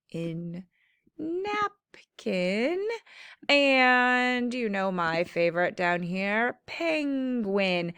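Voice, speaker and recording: A woman teacher giving a slow, clear phonics lesson to children, stretching out the sounds of words. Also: medium pitch, bright, forceful tone, dry recording.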